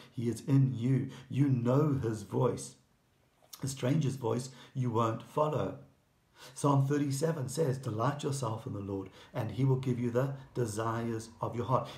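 A man's voice: mid-range voice, gravelly, a little mellow, reverberant. A man preaching a sermon as pastor, earnest and conversational, often restarting his phrases.

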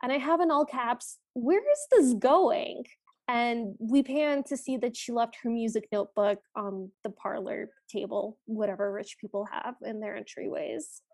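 Woman co-host, brighter higher voice, dry sound, wry plot recapping. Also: steady tone, normal speed, vocal fry, few pauses, dry recording. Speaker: podcast co-host. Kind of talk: casual movie recap chat.

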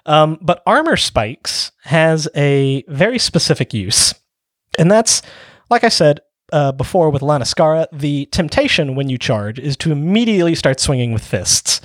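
A man's voice: on the high side, sing-song, normal speed, no room sound, clean studio sound. A man co-hosting a casual tabletop gaming podcast, walking through rules step by step with frequent ums. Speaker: podcast co-host.

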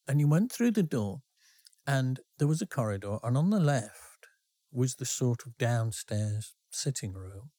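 A man's voice: medium pitch, dark tone, no echo. A man hosting a podcast, telling rambling anecdotes with many self-interruptions. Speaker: podcast co-host. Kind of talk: casual storytelling.

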